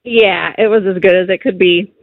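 A woman's voice: medium pitch, fairly even intonation, moderate pace, dry recording, narrow, tinny audio. A woman calling in as a guest on a radio show, speaking hesitantly. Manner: hesitant, laughing. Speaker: call-in guest.

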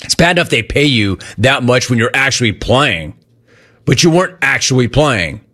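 A man's voice: medium pitch, animated, normal speed, bright, forceful tone. A man hosting sports talk radio, ranting in a sarcastic, mocking way.

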